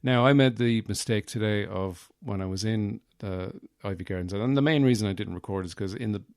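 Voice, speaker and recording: Low-voiced podcast host rambling. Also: male voice, fairly quick, darkish tone, clear, resonant tone, no echo, studio quality. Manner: meandering, self-mocking, full of fillers. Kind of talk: rambling comic monologue.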